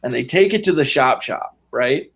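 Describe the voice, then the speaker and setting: A man's voice: mid-range voice, expressive, moderate pace, vocal fry, husky. A man in casual podcast chat, animatedly retelling movie scenes and acting out the characters in voices. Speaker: podcast co-host.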